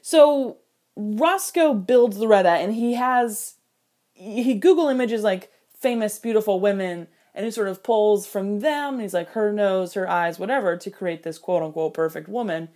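A woman talks through a movie in a loose, chatty commentary. She is animated and jokey, slipping into mock outrage and brief put-on voices for the characters. Her pitch sits in an ordinary middle range for a woman. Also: moderate pace. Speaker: film reviewer. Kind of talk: casual solo commentary.

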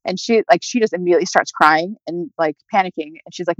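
A young woman tells her own story as an interview guest, speaking quickly and filling her sentences with casual fillers. The recording is dull and lo-fi, with a dry sound and no room echo. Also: lowish voice. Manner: chatty, many fillers like "like" and "you know". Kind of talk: personal storytelling.

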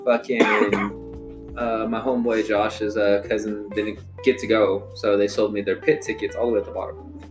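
A man's voice: fairly low pitch, level tone, normal speed, music in the background. A young man in casual chat, telling a loose, profane story among friends.

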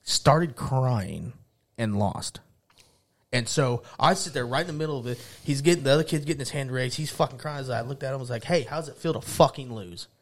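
A man's voice: medium pitch, a little fast. A man from Oklahoma telling rambling, profane stories in a casual chat and laughing through them.

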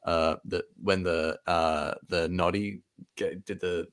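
A man's voice: low voice, fairly even intonation, takes it slowly, a bit bright. A man co-hosting a podcast in casual chat, rambling and laughing easily. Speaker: podcast co-host.

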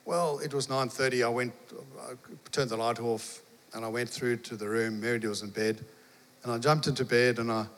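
A man preaching, telling a lively personal story and acting out the dialogue. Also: medium pitch, normal speed. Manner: animated storyteller, acts out dialogue, laughs. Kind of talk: storytelling sermon. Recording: long hall reverb.

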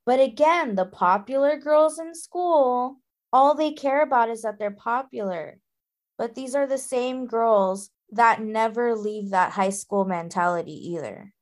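A woman's voice: fairly high pitch, a little slow. Woman cohost on a book podcast, fired up and indignant, super casual, like like like. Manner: animated and indignant, thinking out loud. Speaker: podcast co-host.

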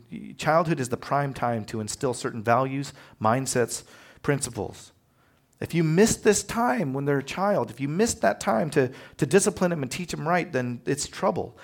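A man preaching a sermon as pastor, animated and conversational, acting out quotes as he tells stories. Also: mid-range voice. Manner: animated storytelling, acts out quotes.

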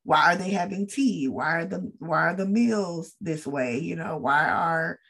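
A woman co-host talks through a show in a relaxed, agreeable way, leaning on fillers. Her voice is on the low side for a woman and slightly husky. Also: unhurried. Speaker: podcast co-host. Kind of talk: casual chat recapping a TV show.

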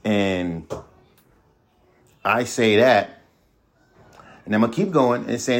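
A man's voice: fairly low pitch, takes it slowly, long pauses. A man hosting a podcast alone, ranting bluntly with heavy profanity and repeating himself. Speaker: podcast host. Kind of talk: solo ranting monologue.

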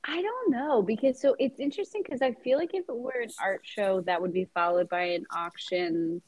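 A woman co-hosting a podcast in casual chat, playful and quick to laugh. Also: fairly high pitch, no echo, poor audio. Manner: animated, laughs often, playful. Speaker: podcast co-host.

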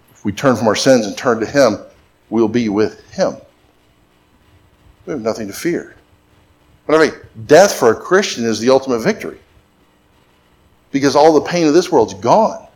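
A man's voice: medium pitch, a little mellow. A middle-aged man preaching a sermon as pastor, mixing emphatic repetition with joking stories.

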